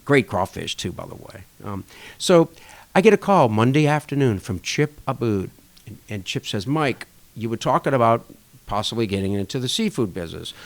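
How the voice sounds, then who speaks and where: A man recounts an old story in a relaxed interview, his voice swinging up and down as he acts out what each person said. He speaks at a middling pitch and an easy, conversational pace. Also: normal speed. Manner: animated anecdote-telling, acting out dialogue with shifting pitch. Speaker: podcast guest, restaurant association chair.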